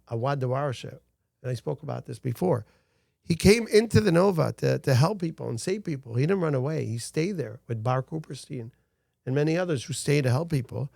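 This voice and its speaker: A man's voice: mid-range voice, creaky, darkish tone, no room sound, clean studio sound. A middle-aged man, a guest in an interview, telling stories earnestly with frequent restarts. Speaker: guest, founder of a rescue organization. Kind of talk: casual interview talk.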